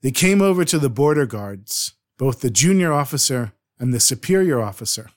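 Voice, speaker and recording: A man telling a dramatic true story in an earnest, expressive way. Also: medium pitch, moderate pace, slight background noise.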